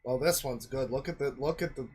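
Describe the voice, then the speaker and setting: A man talks casually as a streamer reacting to videos. He rambles through his thoughts with fillers and jokes. His voice sits at an ordinary middle pitch. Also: a little fast, darkish tone, husky. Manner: rambling, joking, many fillers.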